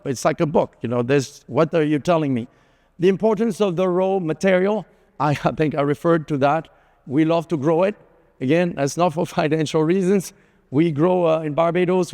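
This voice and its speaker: A man's voice: fairly high pitch, a little mellow. A middle-aged man giving a conference keynote, telling anecdotes in a chatty way with lots of fillers. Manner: anecdotal, conversational, with frequent fillers. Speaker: keynote speaker. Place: large conference hall. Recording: reverberant hall.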